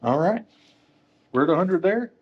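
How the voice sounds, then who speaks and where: A man's voice: high-pitched, very animated, normal speed, breathy edge. Guy wrenching on a motorcycle in his shop, cracking jokes at himself, kinda dull lo-fi sound. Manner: joking, self-deprecating asides while working. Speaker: motorcycle technician. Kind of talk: casual how-to tutorial. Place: motorcycle workshop.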